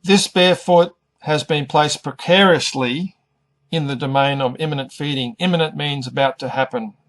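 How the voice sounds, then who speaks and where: A middle-aged man teaching an English lesson, pronouncing each word carefully and deliberately. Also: a little high, a bit bright. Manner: careful, over-articulated pronunciation. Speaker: ESL teacher.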